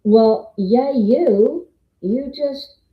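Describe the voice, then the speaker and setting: Slow-talking older Southern woman. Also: on the high side. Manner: slow, rambling, testimony-style with scripture. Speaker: faith vlogger and meeting moderator. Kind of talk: casual faith talk. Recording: roomy, dull lo-fi sound.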